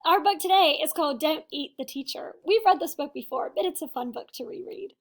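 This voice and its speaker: Expressive, high-voiced first-grade teacher. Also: female voice, a little fast. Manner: expressive, sing-song. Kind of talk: read-aloud for young children.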